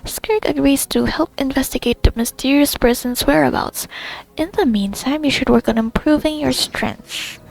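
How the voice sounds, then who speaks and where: A woman's voice: high-pitched, normal speed, gravelly, hardly any pauses, a little mellow, soft background music. A young woman chatting casually to herself while playing a video game, giggly and talkative. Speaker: gamer playing a story quest. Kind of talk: casual gameplay commentary.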